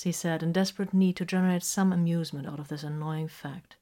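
Low-voiced woman reading a story. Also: fairly quick, hardly any pauses, dark tone. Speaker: reader.

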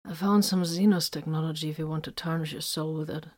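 A woman reading a story and voicing a badly wounded male warrior who speaks quietly, weakly and calmly. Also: sits low, quick pace. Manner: quiet, weak, strained. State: weak from a wound.

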